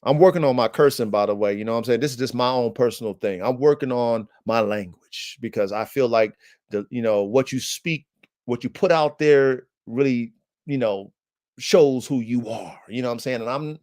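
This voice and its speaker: A man hosting a podcast, telling a story in an animated, heated way, swearing and using lots of slang and fillers to his listeners. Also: medium pitch, moderate pace, dry recording, clean studio sound. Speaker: podcast host. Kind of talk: casual livestream storytelling.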